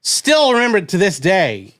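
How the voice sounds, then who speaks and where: A comedian in his forties telling stories in casual podcast chat, animated and swearing freely, acting out lines. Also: high-pitched, normal speed. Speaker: comedian guest.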